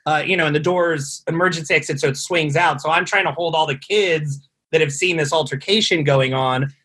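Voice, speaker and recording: A man's voice: on the high side, fairly quick, pushed and bright, husky. A man casually telling a long, rambling story on a podcast, swearing often and full of fillers. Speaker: guest telling a tour story.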